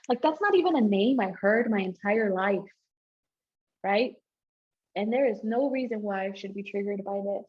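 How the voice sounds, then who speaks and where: A woman telling her personal testimony to a church group, animated and informal, acting out the dialogue she recalls and often speaking to the audience directly. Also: medium pitch, normal speed, muffled recording. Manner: animated storytelling, acts out quoted dialogue, laughs often; informal, addresses audience as y'all and guys. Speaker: abuse counselor and youth mentor.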